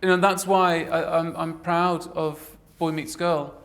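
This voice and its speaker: A woman in her forties, an actress in an interview, speaking earnestly and reflectively with frequent halting restarts. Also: low voice, level tone. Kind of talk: personal interview storytelling.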